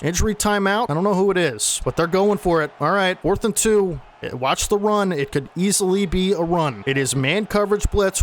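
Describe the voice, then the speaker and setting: A young man giving play-by-play commentary over a football video game he is playing, excitable and talking to viewers as folks. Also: sits high, a little hiss or hum. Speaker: gaming channel host.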